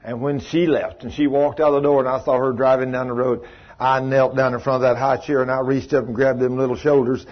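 A man preaching, telling stories in a folksy, animated way and acting out the voices in them. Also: mid-range voice, fairly quick. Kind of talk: sermon storytelling. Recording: muffled lo-fi recording.

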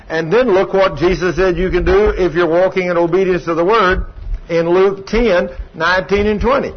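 A man's voice: high voice, fairly even intonation, normal speed. A man preaching a sermon, telling stories and acting out the people in them in a folksy way. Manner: folksy storytelling preacher, acts out dialogue. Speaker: pastor. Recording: dull lo-fi recording with faint hiss.

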